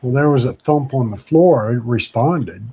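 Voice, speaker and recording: A man tells a story in a relaxed, easygoing way and slips into the people's voices when he quotes them. His voice is mellow and dark. It sounds like casual podcast talk. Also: mid-range voice, moderate pace, slightly rough. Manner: animated anecdote telling with acted quotes.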